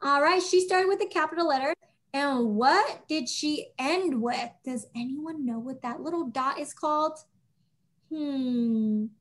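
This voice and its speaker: A woman teaching young children over a video call, patient and encouraging, speaking slowly and clearly. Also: high-pitched.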